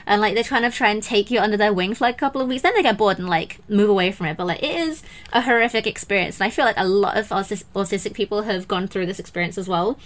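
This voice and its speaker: A woman hosting a podcast, chatting casually and animatedly, often mimicking others. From English-speaking country. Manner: animated, quick to mimic others in high voices. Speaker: podcast host.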